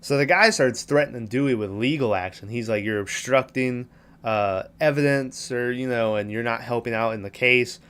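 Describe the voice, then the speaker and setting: A man's voice: medium pitch, moderate pace, fairly bright tone, clean tone. A man casually recapping a film on a podcast, rambling and swearing as he acts out characters' lines. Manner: profane, rambling retelling with quoted lines. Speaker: podcast host.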